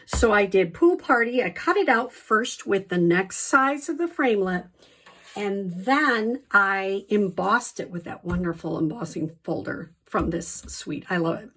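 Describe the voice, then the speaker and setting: A woman walks viewers through a craft project at an unhurried pace, her voice sitting at an ordinary middle pitch. She is chatty and upbeat, filling pauses with ums and breaking off for small enthusiastic asides. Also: fairly bright tone. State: slight allergy cough. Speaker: card-making demonstrator. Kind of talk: casual craft tutorial.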